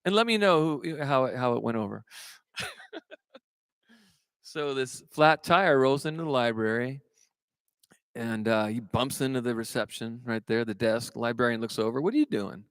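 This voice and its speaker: A man's voice: medium pitch, moderate pace, pauses often, a bit bright, clean tone, no room sound, clean studio sound. A man from California who is a singer-songwriter, chatting and telling self-mocking jokes between songs at a live show. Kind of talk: stage banter and joke-telling between songs.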